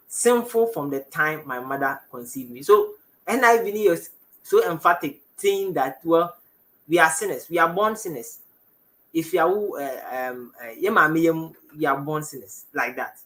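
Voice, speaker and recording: Bright-voiced Ghanaian man teaching scripture. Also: a little high. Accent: Ghanaian English. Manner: halting, self-correcting, reads verses aloud. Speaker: Bible teacher. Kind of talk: television Bible teaching. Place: television studio.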